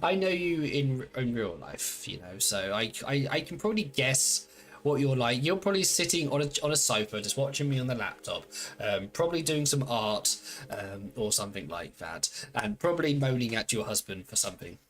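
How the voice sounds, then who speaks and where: A man's voice: medium pitch, animated, moderate pace, fairly bright tone, soft background music. A man streaming a game, chatting casually with viewers in a playful, teasing, rambling way full of fillers and restarts.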